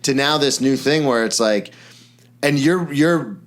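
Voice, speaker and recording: A man with a middle-pitched voice co-hosts a casual podcast. He agrees easily and thinks out loud about how the industry has changed. His tone stays relaxed and conversational. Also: unhurried. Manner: agreeable, reflective, often says yeah. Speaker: podcast co-host.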